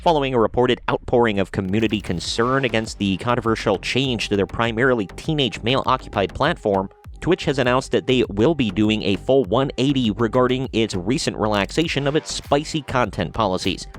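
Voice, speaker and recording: A man's voice: mid-range voice, a little fast, few pauses. Sarcastic male commentary host. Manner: sarcastic and blunt. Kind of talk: opinionated commentary reading news articles.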